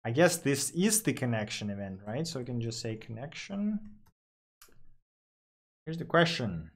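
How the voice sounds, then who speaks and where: A man's voice: mid-range voice, big pitch swings, a little slow. A man talking through live coding on screen, thinking aloud with fillers and self-corrections.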